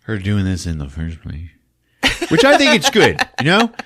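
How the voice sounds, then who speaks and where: Male podcast host, low and very expressive, loud comic recaps with sound effects, dry close mic. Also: normal speed, no echo. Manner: laughs often, acts out scenes with sound effects. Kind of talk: animated comedic movie recap.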